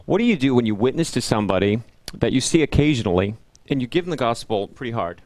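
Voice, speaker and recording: A man in casual conversation who asks questions and repeats words as he gathers his thoughts. His voice sits at an ordinary pitch, and the recording is close and dry. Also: sing-song, fast, darkish tone, no room sound. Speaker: co-host of a street evangelism web show. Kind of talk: casual chat, asking questions.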